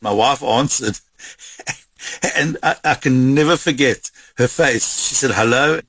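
Husky man telling a story. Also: medium pitch, slow, no room sound. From South Africa. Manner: animated storyteller, speeds up when excited, repeats words. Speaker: interviewee, website content creator. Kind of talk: storytelling recollection.

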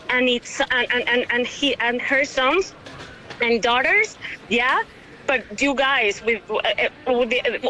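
A woman in her thirties from Venezuela, tearful and overwhelmed, answering an interview in halting bursts full of restarts and repeated words. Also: high voice, sharp tone, poor audio. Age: 30s. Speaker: interview guest.

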